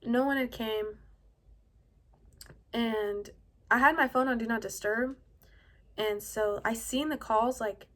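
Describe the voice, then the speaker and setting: Woman vlogging from home, soft and hushed, rambly casual storytelling, says like a lot. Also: on the high side, steady tone, slow, pauses often. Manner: soft-spoken, rambling, heavy use of "like"; often drops to a hushed, quiet delivery. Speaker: vlogger telling her own story.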